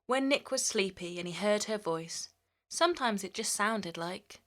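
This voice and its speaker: Woman reading a kids story real slow, playful, stretches words out like sounds. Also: mid-range voice, animated, a bit bright. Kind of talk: children's story narration.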